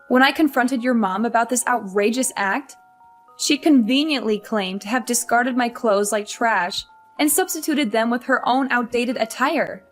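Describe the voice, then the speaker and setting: Woman voicing an upset young wife. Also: high-pitched. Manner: upset, complaining. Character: frustrated young career wife. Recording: faint music behind.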